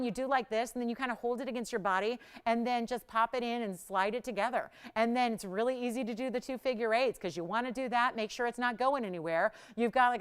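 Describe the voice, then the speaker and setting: Woman, shopping-channel host, slightly high and silky voice, excitable auction patter, a little winded. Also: clear, resonant tone. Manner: bubbly, fast sales patter with laughs. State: out of breath. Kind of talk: live jewelry auction selling.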